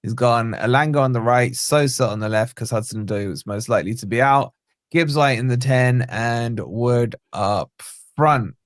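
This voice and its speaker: A man's voice: medium pitch, normal speed, no room sound. A man hosting a fan show, arguing his football points with insistence. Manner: argumentative, pushes his point. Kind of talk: casual football chat.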